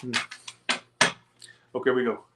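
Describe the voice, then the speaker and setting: A man's voice: unhurried, very noisy. A young man giving a live-stream tarot reading, ranting profanely and chatting with his viewers. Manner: chats with viewers, laughs often. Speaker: tarot reader.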